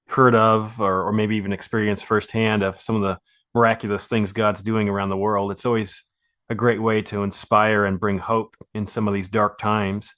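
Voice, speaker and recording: Low-voiced male interview host. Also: a bit bright. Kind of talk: interview hosting.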